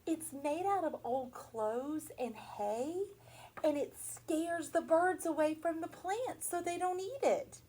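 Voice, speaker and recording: A woman teacher reads a picture book aloud to young children in a slow, storytelling cadence. Her voice sits high and swoops up and down as she asks the class questions and breaks into animal noises. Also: animated, dark tone, a little hiss or hum.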